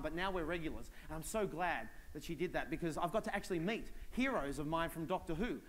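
Animated high-voiced comic man. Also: slight background noise. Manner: animated, acts out voices and shouts for effect. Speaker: stand-up comedian. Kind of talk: stand-up comedy routine. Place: convention stage.

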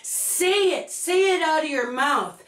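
High-voiced woman shouting pep talk. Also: lively intonation, takes it slowly. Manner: emphatic, repetitive, bursts into shouting. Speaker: motivational speaker. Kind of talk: motivational pep talk to camera. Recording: echoey room, distant mic.

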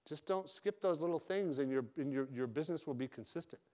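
A man gives a motivational sales talk to a room of loan officers. His voice sits a little high, and he speaks plainly, with slang and dry humor. He comes across as a direct manager who does not mince words. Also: fairly quick, warm tone. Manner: direct, joking, casual with slang.

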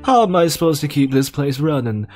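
A man voicing a cheerful old male boat shop caretaker in a game playthrough, stretching his words in a raised, drawn-out old-man voice. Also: fairly high pitch, very animated, darkish tone, soft background music, voice pushed up. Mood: fond.

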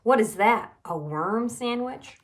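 A woman's voice: a little high, expressive, takes it slowly, voice pushed up. A woman reading as a teasing young schoolboy. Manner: mocking, then gloomy and pleading.

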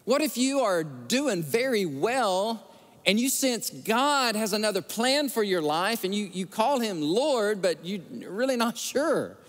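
A man preaching a sermon, telling stories and acting out the quotes with animated feeling. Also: high voice, unhurried. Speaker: pastor. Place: large church sanctuary. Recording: church sanctuary with long reverb.

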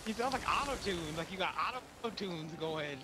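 A man with a high voice trades laughing, swearing banter with friends while playing a game. Loud boat and water sounds from the game roar behind him. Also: animated, a little fast, background noise. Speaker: player. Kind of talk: casual gaming chat.

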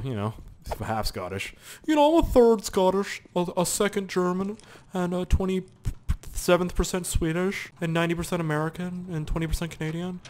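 A young man giving casual, profane gameplay commentary with sudden loud outbursts. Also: on the high side, slight background noise.

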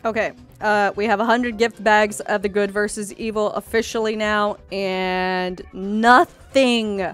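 A woman giving casual gameplay commentary, excitable and playfully dramatic, gasping at each result. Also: medium pitch, normal speed, few pauses. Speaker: gaming YouTuber. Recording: faint music behind.

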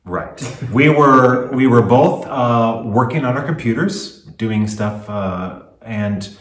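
A man co-hosting a casual home vlog, recounting events in steady detail. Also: medium pitch, takes it slowly. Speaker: co-host, chateau owner. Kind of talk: casual chat. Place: home in a French chateau. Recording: roomy echo.

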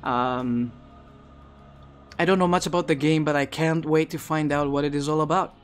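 A man's voice: a little high, fairly even intonation, normal speed, faint music behind. A man streaming a video game live, chatting in a loose, rambling way and often restarting his sentences. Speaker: Twitch streamer. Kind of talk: live gameplay commentary. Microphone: his own streaming microphone.

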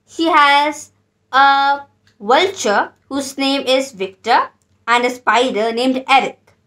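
Woman storyteller for kids; slow, gentle read-aloud, slightly high voice. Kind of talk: children's storybook reading.

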